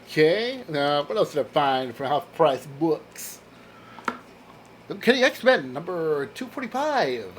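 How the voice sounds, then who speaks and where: A man's voice: a little high, big pitch swings, a little slow, a little hiss or hum. A man chatting casually in a vlog as he shows off a comic book haul, enthusiastic and laughing at his own jokes. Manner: enthusiastic, exclaims over covers.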